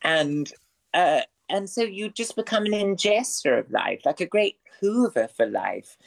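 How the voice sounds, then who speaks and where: A man guesting on a radio show who talks in ornate, theatrical language. His phrasing is elaborate and full of rare words. He moves up and down in pitch as he speaks. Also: sing-song, unhurried, creaky. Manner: florid, wordy and theatrical. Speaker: guest performer. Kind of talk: radio interview.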